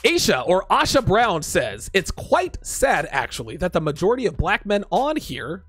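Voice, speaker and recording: A man's voice: high voice, fairly bright tone. Blunt, profane man hosting a livestream. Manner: reads viewer comments aloud and reacts. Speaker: podcast host. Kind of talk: casual livestream chat.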